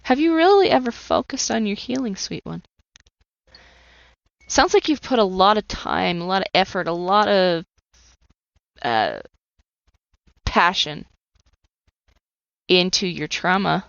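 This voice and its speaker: Woman doing a soft-spoken loving divine voice, quiet and gentle, dry recording. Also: medium pitch, a little slow, gravelly, pauses often, no echo. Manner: soft, tender and calm. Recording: slightly muffled dry recording.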